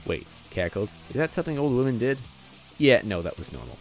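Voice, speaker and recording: A man's voice: medium pitch, sing-song, a little fast, soft background music. A man narrating a story in first person, breaking in with wry comic asides. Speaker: reader, narrator.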